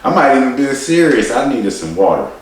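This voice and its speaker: A man telling a personal story in a rambling, halting way, swearing and laughing at himself. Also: mid-range voice, very animated, a little hiss or hum. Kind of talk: casual storytelling. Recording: distant mic in a very echoey room.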